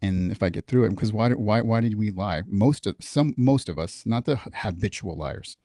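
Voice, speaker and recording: A man with a somewhat low voice tells a story from his service as a guest on a talk show. He swears freely and acts out the people in it. The sound is dry and close. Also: moderate pace, no room sound. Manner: profane, animated, acts out quoted dialogue. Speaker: guest, military veteran. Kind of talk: casual storytelling in a podcast interview.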